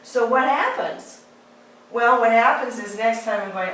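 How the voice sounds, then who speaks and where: A woman's voice: a little high, measured pace, fairly bright tone, slight background noise. A woman giving a candid, conversational talk and telling a personal story. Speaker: speaker. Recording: echoey hall, distant mic.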